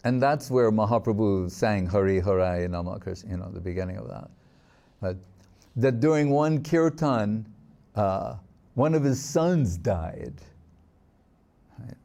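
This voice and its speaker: A man giving a spiritual sermon, telling stories in a reflective, unhurried way and reciting verses. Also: on the low side, expressive, vocal fry, warm tone. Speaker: swami giving a spiritual talk.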